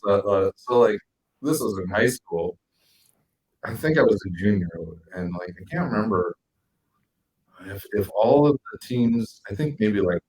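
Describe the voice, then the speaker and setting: A man co-hosting a podcast, telling animated stories and acting out quotes with big jumps in his voice. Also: lowish voice, breathy edge, rough recording. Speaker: podcast co-host. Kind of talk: casual storytelling chat.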